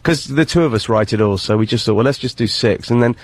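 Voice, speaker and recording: A man's voice: medium pitch, fast, rough recording. A British man, a guest comedian, chatting on a radio show with dry, self-deprecating jokes. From Britain. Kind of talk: casual radio chat. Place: radio studio.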